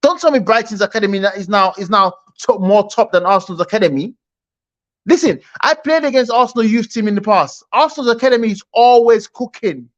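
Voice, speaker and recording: A high-voiced man talks football over a dull, lo-fi stream line. He argues hard, repeating his points and firing off rhetorical questions. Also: fairly quick. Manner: animated, argumentative, repeats himself. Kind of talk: casual football chat.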